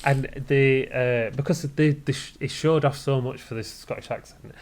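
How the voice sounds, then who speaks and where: A man's voice: medium pitch, fairly even intonation, normal speed, a little mellow. A man co-hosting a podcast, sharing trivia facts in easygoing, casual chat. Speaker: podcast co-host.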